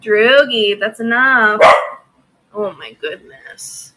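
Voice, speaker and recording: A woman's voice: fairly high pitch, animated, measured pace, very noisy. A woman hosting a casual live-stream auction, chatting with viewers by name and laughing often.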